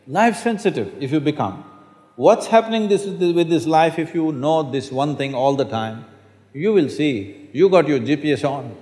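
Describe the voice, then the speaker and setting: A man's voice: on the high side, darkish tone. A man speaking as a spiritual teacher to a live audience in a large hall, emphatic and often asking the audience questions. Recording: echoey hall.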